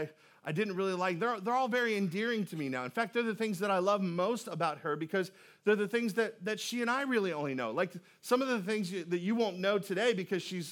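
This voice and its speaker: Speaking from a church auditorium, a pastor gives a sermon with a fairly bright tone and a voice set notably high for a male. He keeps things casual, jokes around, and tends to repeat words as he restarts his sentences.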